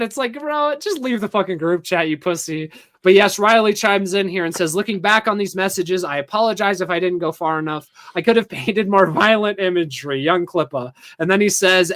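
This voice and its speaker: A man's voice: high-pitched, moderate pace, fairly bright tone, no echo, clean studio sound. A man hosting a podcast, chatting casually and mockingly while reading chat messages aloud and laughing. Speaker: podcast host.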